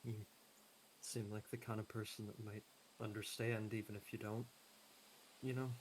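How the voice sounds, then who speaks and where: A man voicing a guarded young woman adventurer who speaks hesitantly and softly in a tabletop game. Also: lowish voice, flat delivery, moderate pace, slight background noise, lightly acted, poor audio. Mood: somber. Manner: hesitant, soft-spoken. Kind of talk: tabletop role-play.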